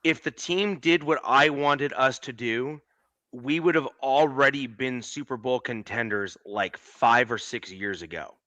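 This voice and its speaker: Blunt, bright-voiced Canadian man. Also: mid-range voice, measured pace, no echo. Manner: blunt, analytical, opinionated. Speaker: podcast host. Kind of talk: casual sports podcast chat.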